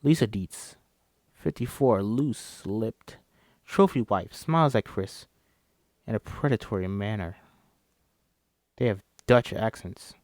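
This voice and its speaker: Alone, a man reads a screenplay aloud and voices every part, stumbling over words now and then. His voice is on the low side and a little mellow, and he takes it slowly with long pauses. The recording is dry and studio quality.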